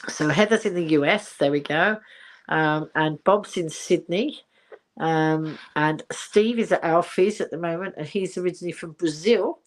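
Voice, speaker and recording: An older woman talks casually to her livestream viewers, pitched a little low. She rambles, restarts her sentences and reads out comments as they come in. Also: normal speed. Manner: rambling and chatty, many fillers and restarts. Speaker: livestream host.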